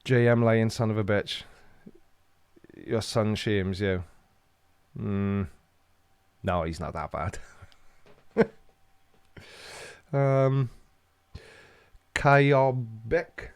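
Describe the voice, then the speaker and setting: A man's voice: lowish voice, very slow, long pauses, clear, resonant tone, dry recording. A Welsh man hosting a live stream, reading out chat comments with dry, teasing humor. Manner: jokey, dry teasing banter.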